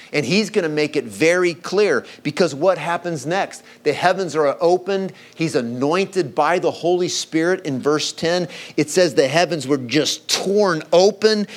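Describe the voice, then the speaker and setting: A man preaching a sermon, reading scripture aloud and acting out the quoted voices with dramatic emphasis. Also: fairly high pitch. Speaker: pastor.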